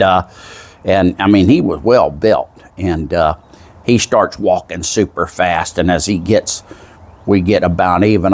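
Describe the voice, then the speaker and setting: Deep-voiced Southern man spinning a yarn. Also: darkish tone. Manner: folksy, meandering, with frequent asides. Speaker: vlogger. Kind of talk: casual storytelling monologue.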